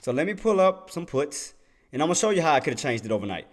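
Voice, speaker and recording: A man's voice: on the high side, very animated, fast talker. A young adult man giving casual, emphatic commentary on trading charts, repeating himself and firing rhetorical questions at his viewers. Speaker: day trader streaming market commentary. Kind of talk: casual screen-share commentary.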